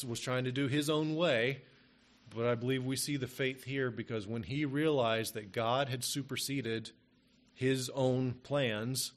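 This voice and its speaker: A man preaching a sermon, reading scripture aloud in old wording and then explaining it in plain, earnest talk. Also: medium pitch. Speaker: pastor.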